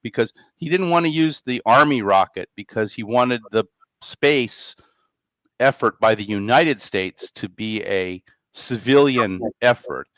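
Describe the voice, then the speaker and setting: Man, podcast host, halting casual talk, dry close sound, dull lo-fi. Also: mid-range voice, lively intonation, a bit bright, no echo. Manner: hesitant, many restarts and fillers. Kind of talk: casual conversation. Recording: dry, muffled mic sound.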